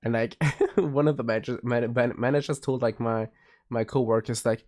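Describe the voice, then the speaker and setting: A man's voice: medium pitch, normal speed. A young man chatting casually with his stream viewers, rambling with many restarts and laughs. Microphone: streaming mic.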